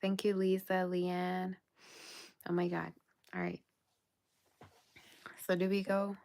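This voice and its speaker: A tired woman closes out a late-night tarot livestream, speaking softly and affectionately and often sinking to a whisper. Her voice sits low with a gravelly fry. She keeps a flat, even delivery. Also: slow. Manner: soft-spoken, affectionate, often drops to a whisper. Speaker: tarot reader hosting a livestream. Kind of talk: casual livestream sign-off chat.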